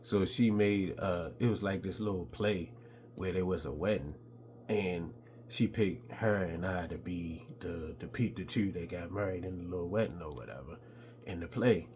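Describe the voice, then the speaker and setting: A middle-aged man telling stories from his childhood in a laid-back, casual way, with a high voice when he quotes other people. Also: moderate pace, a little mellow, slight background noise. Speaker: podcast host telling stories. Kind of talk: casual storytelling.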